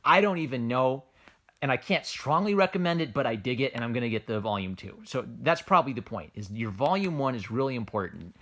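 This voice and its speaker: A man's voice: medium pitch, animated, brisk, a bit bright. A man giving a casual, unscripted review, rambling with a lot of "like" and "uh" and restarting his sentences. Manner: rambling, lots of fillers like "like" and "uh", frequent restarts, amused. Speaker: manga reviewer.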